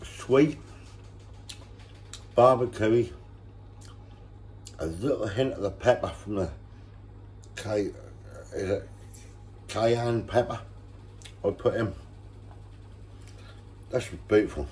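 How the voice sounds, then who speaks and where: A man presenting a casual home cooking video, relaxed and enthusiastic about the food. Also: on the low side, slow, pauses often, slight background noise.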